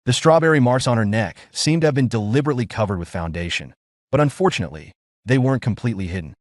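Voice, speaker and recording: Man narrating a story with lively pitch. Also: fast talker, no echo, clean studio sound.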